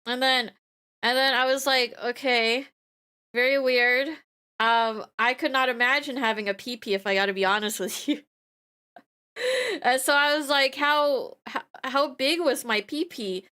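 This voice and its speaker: A woman VTuber streamer in casual chat, telling rambling, animated stories with frequent laughter and repeated phrases. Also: sits high, moderate pace, clean tone.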